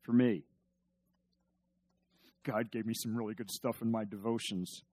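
A man preaching a sermon as pastor, telling stories and asking the congregation questions, moving between soft, quiet passages and loud emphatic ones. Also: lowish voice, fairly even intonation, a little slow, slightly rough, dry recording. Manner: storytelling, swings from hushed to emphatic, asks the audience questions.

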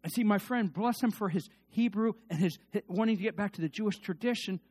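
A man preaching a sermon in a conversational way, swinging from quiet asides to loud, emphatic peaks, with restarts and repeated words. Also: high voice, fast talker.

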